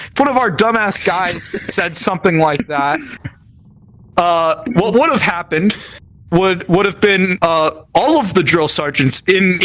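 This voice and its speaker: A man's voice: high-pitched, fairly bright tone. A young man casually telling military stories while gaming, rambling with many fillers and restarts.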